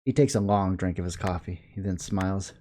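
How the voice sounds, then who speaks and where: A man with a Southern accent reading a visual novel's narration aloud in a relaxed, wry, matter-of-fact way. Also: low-pitched, brisk. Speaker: let's play host.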